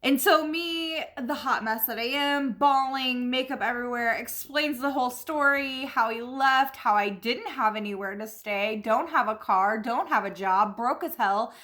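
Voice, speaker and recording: A young woman with a fairly high voice recounts a hard stretch of her life as a casual storytime. She talks in a chatty, candid way, leaning on "like" and "um" as she goes. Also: measured pace, few pauses, pushed and bright. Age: young adult. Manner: chatty, candid, lots of fillers and "like". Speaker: vlogger.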